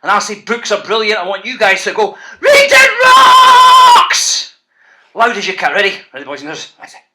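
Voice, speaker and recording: A man's voice: sits high, expressive, quick pace, very noisy. A man with a Scottish accent, an author hosting a children's reading show, playful and bouncy as he calls out to the kids. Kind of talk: lively talk to school classes.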